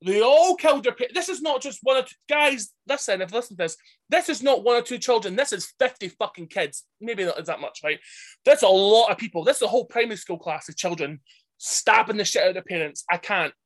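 A woman co-hosting a casual film podcast. She rambles and swears freely, slipping into the characters' lines as she retells scenes. Her voice sits at a middle pitch. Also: expressive, fairly quick. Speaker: podcast co-host. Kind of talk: casual film-review chat.

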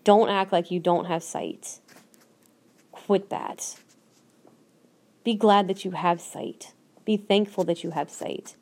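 Her pitch sits in the middle and her tone leans dark. She's a podcast host living in Minnesota, ranting on her own show with emphatic bluntness and plenty of repetition.

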